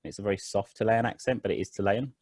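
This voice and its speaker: A man with a low voice narrates as game master over an online session, rambling with lots of ums and false starts. The sound is dry and close to the mic. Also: fairly even intonation, fast talker, darkish tone, no echo. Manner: rambling, many fillers and restarts.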